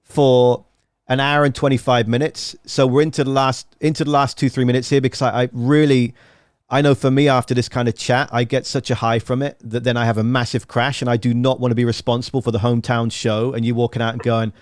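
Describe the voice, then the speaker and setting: A man's voice: mid-range voice, flat delivery, fairly quick, smooth, no echo, studio quality. English man hosting a rambling interview. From England. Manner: rambling, playful questions with jokey asides. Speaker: podcast host. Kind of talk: conversational interview.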